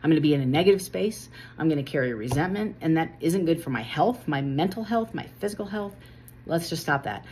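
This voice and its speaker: Woman, tarot reader, lowish voice, earnest chatty delivery, faint hiss behind. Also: expressive, a little fast, darkish tone. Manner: earnest, chatty, self-deprecating. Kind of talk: casual tarot reading to camera.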